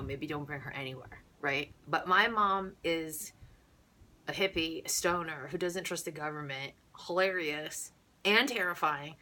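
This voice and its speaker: A woman in her thirties telling a story casually to camera, animated and rambling, laughing often. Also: lowish voice, a little hiss or hum.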